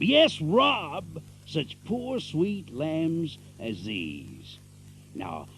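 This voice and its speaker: A man's voice: fairly high pitch, a little mellow, slight background noise, exaggerated voice. A pompous old conman preacher. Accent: rural Southern US dialect. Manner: syrupy, pompous, preachy oratory. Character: oily older male conman posing as a preacher. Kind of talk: radio play acting.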